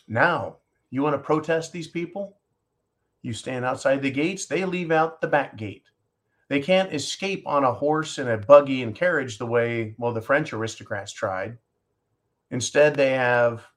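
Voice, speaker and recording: A man hosting a talk show, ranting in angry, sarcastic political commentary and answering listener comments. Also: medium pitch.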